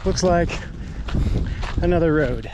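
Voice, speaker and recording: A man's voice: on the high side, slow pace. An out-of-breath man filming himself on a mountain trail during a race, weary and muttering to himself between climbs. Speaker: trail runner vlogging a race. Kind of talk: breathless self-filmed race diary. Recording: noisy outdoor camera audio.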